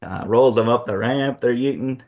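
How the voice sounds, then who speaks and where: A man hosting a casual fantasy-booking chat, telling the story in an animated way with frequent laughs. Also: medium pitch, normal speed. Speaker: host.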